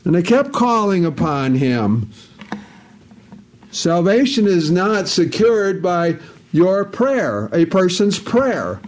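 Emphatic high-voiced male preacher. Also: big pitch swings, slow pace. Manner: emphatic, repetitive preaching with scripture quotes. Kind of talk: sermon.

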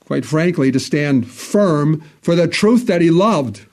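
A man preaching a sermon in a church, earnest, his voice swelling on key phrases and dropping low and slow for solemn parts. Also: lively intonation, a little mellow. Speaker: pastor.

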